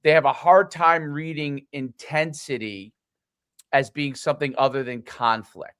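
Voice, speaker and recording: A man co-hosting a podcast, speaking haltingly and searching for words with many restarts. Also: on the high side, fairly even intonation, fairly bright tone, smooth, no echo. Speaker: podcast co-host. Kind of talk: casual podcast conversation.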